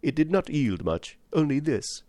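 A calm, fussy elderly detective with a French-tinged accent, as a male narrator puts him on. His precise questions rise and fall in a lively way, recorded dry and close for an audiobook. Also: fairly high pitch, normal speed, no echo, pitched above the performer's own voice. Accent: put-on French-tinged. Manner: precise, placid, calmly probing. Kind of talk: audiobook reading.

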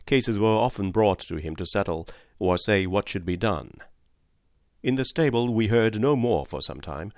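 Low-voiced man reading a story. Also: no room sound, clean studio sound. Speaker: audiobook narrator. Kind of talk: scripted narration.

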